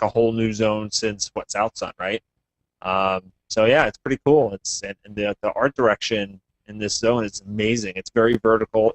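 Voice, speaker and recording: A man co-hosting a casual gaming chat, relaxed and full of fillers. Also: mid-range voice, no echo, low-quality recording. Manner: relaxed, lots of fillers and "you know". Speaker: co-host.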